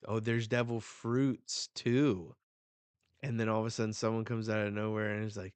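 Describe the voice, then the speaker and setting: A young man reading a manga chapter aloud in a live reaction, excitable and swearing as he goes. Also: fairly low pitch, moderate pace, smooth, no echo.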